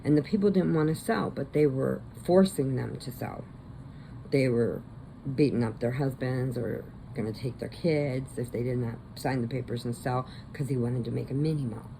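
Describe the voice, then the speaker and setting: A woman's voice: extremely low pitch, moderate pace, gravelly, background noise. A woman vlogger casually recapping a movie, rambling and chatty, laughing often.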